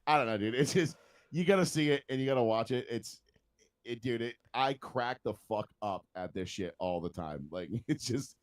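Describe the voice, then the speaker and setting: A man's voice: medium pitch, expressive, normal speed. A man co-hosting a podcast, chatting casually, swearing freely and laughing often as he rambles. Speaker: podcast co-host. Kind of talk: casual profane chat.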